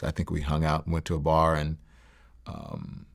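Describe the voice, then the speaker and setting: A middle-aged man speaks low with a gravelly edge as he recounts his past. His delivery is reflective and halting, full of fillers and restarts. He sounds like a guest opening up in a sit-down interview. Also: flat delivery. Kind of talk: candid personal storytelling.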